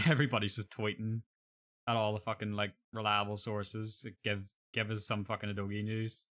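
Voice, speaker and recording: A man's voice: fairly low pitch, level tone, moderate pace, a bit bright. A young man chatting casually on a live stream, joking and swearing freely.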